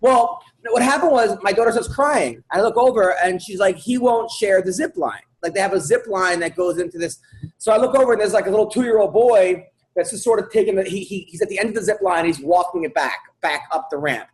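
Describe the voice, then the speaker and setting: High-voiced man telling a rambling story. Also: a little fast, rough recording. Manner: rambling, stammering restarts and filler words. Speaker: comedy podcast host. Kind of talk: casual storytelling chat.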